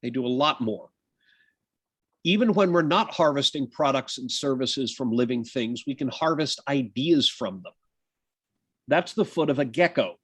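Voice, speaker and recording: A man's voice: mid-range voice, expressive, normal speed, fairly bright tone, husky, no room sound. A man giving a college biology lecture in a conversational way, with many fillers and joking asides. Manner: conversational, lots of uh and um, self-deprecating asides. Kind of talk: university lecture.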